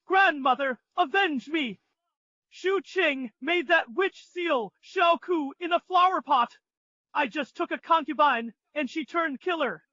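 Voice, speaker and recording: An actor playing an arrogant young husband, indignant and blustering. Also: male voice, very high-pitched, measured pace, pushed and bright, no echo, highs cut off, full character voice. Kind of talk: dubbed drama acting.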